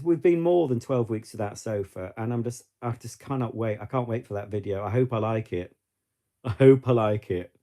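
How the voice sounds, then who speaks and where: Chatty British man with a mellow voice. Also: on the low side. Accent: British English. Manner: chatty, rambling, with frequent restarts and asides. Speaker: vlogger. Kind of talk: casual chat to camera.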